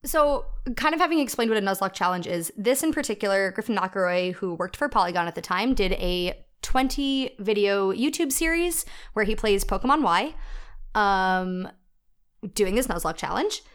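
A woman's voice: medium pitch, lively intonation, moderate pace, clean tone. A young woman co-hosting a casual chat podcast, explaining things with lots of asides and laughing often. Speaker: podcast co-host. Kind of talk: casual chat about fan fiction.

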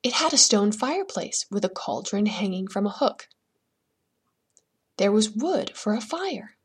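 A woman's voice: mid-range voice, sing-song, unhurried, husky. A woman hosting a podcast, telling a folktale dramatically and dipping into whispers for suspense. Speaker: podcast host and storyteller. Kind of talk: storytelling a folktale.

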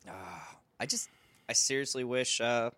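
A man's voice: medium pitch, a little slow, bright, forceful tone, no echo. A man in casual chat, laid-back and laughing often.

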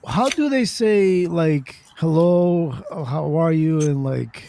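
A man from New Jersey co-hosts a casual radio talk show, joking and chatting in a slightly high voice. His voice has a gravelly, frayed edge. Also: takes it slowly, warm tone. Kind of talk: casual group banter.

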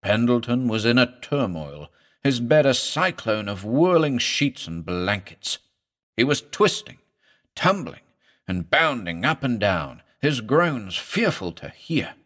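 Guy reading a creepy story out loud, grave and measured, pitch swings around a lot. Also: big pitch swings. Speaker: narrator. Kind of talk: audiobook narration of a horror story.

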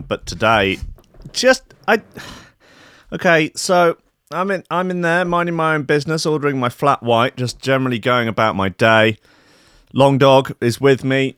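A man's voice: fairly low pitch, fairly bright tone, smooth, dry recording, clean studio sound. A man telling a comic anecdote in a wry, rambling, sarcastic way. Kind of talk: comic storytelling monologue.

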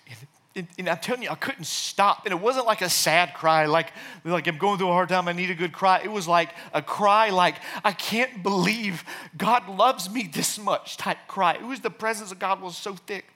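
A man's voice: high voice, moderate pace. Earnest emotional man telling a testimony. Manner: earnest, emotional storytelling with restarts; hushed, soft-spoken in quiet passages. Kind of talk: personal testimony talk.

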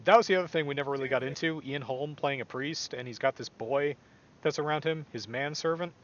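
A man hosting a casual podcast chat, animated and quick to laugh and swear. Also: fairly high pitch, muffled recording. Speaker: podcast host.

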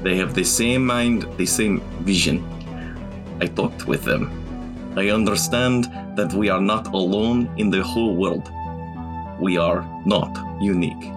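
A man's voice: deep voice, a little slow, over music. A man putting on an earnest ex-president. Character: Russian ex-president telling of alien abduction, earnest.

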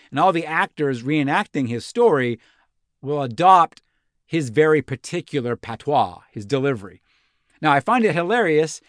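A man's voice: medium pitch, no echo, studio quality. A man hosting a history podcast, narrating a scripted story with wry, sarcastic asides. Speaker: podcast host.

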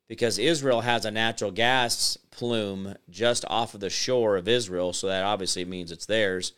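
A man's voice: on the low side, fairly bright tone, smooth. A man hosting a casual commentary show, rambling and talking straight to his listeners. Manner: rambling, talks to his audience directly. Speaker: host.

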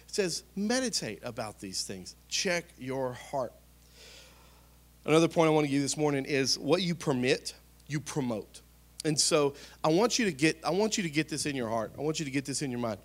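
A man's voice: on the high side, animated, a little fast. Conversational preacher man. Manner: conversational storytelling, shifting from loud to hushed. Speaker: pastor. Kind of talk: sermon.

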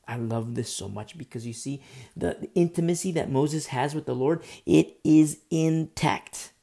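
A man's voice: on the high side, normal speed, creaky, mellow. A man preaching a sermon in an impassioned way, repeating himself, restarting phrases and making asides to the congregation.

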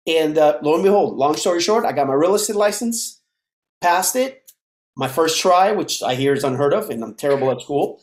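A man in his fifties from the United States, a podcast guest telling his life story in a lively way and acting out the voices of the people in it. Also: fairly high pitch, moderate pace. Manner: animated storyteller who acts out dialogue. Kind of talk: casual storytelling interview. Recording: roomy echo.

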